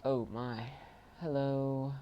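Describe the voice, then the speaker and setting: A man casually commentating his own video game play, chatty and bursting into excited shouts. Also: medium pitch, drawn-out words, dull audio, slight background noise. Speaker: gaming channel host.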